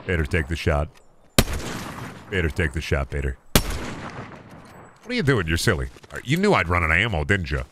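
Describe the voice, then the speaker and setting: A man's voice: low-pitched, sing-song, fairly quick, pauses often, very noisy. Joking young man streaming a game. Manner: joking, repetitive bits, swears often. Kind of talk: casual gameplay commentary.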